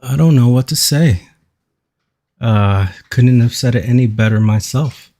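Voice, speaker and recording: A man streaming a reaction to a video, excitable and profane as he hypes up the clip he is playing. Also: medium pitch, measured pace. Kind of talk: live-stream reaction commentary.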